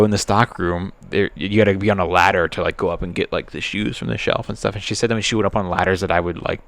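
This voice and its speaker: A man's voice: deep voice, vocal fry, a bit bright, dry recording. A man in his thirties co-hosting a podcast, telling rambling stories and acting out the people he quotes in a raised voice. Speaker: podcast co-host. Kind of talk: casual chat.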